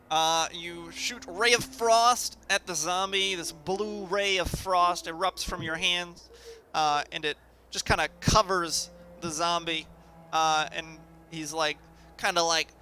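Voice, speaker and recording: A man narrates a tabletop game as its dungeon master. His voice sits a little high, and he talks in a relaxed, hesitant way with many fillers. Faint noise hums behind him.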